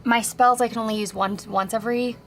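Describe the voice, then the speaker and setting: A woman's voice: fairly high pitch, fairly even intonation, a little fast, slight background noise. A woman playing a tabletop game, hesitant and asking about the rules. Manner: hesitant, asks rules questions. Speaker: player.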